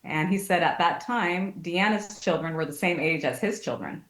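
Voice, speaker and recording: A woman's voice: lowish voice, normal speed. A woman, a guest family advocate, telling stories in a casual podcast interview and acting out the people she quotes. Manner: animated storytelling, acts out quotes. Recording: echoey room.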